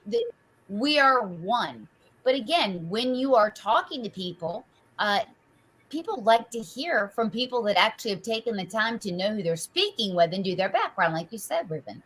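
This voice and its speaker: A woman's voice: medium pitch, fairly bright tone, low-quality recording. A woman hosting a political talk show, speaking casually with frequent fillers and rhetorical asides.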